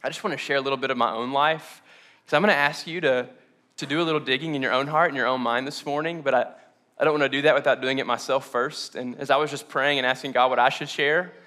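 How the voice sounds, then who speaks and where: A bright, forward-voiced young man delivers a personal sermon with an earnest, confessional pull. He is emotional and close to tears, laughing a little at himself, stumbling and restarting between phrases. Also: medium pitch, steady tone, quick pace. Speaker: pastor.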